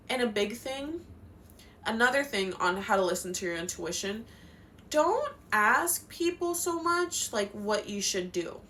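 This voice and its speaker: A woman's voice: on the high side, lively intonation, unhurried, fairly bright tone, a little hiss or hum. A young woman giving spiritual life advice in a casual, passionate, slangy talk, swearing now and then. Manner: passionate, slangy, swears, acts out quotes in voices.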